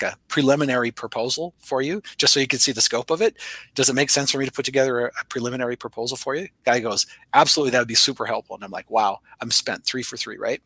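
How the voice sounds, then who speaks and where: A man's voice: medium pitch, dry recording. A man coaching on sales in a casual conversation, telling stories and acting out quoted dialogue with playful voice shifts. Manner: animated storyteller, playful voice shifts for quoted lines. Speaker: sales trainer. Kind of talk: conversational teaching with acted-out dialogue.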